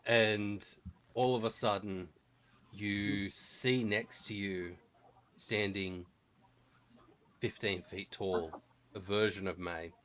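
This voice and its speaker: A man's voice: lowish voice, fairly even intonation, slow, pauses often, a bit bright. A man narrating as game master in a casual, rambling way full of fillers.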